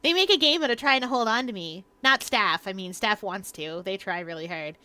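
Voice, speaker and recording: Bright, playful woman streamer. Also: mid-range voice, fairly quick, no room sound. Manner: rambling, playful, bursts into loud silly laughs. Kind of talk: casual gaming livestream chat.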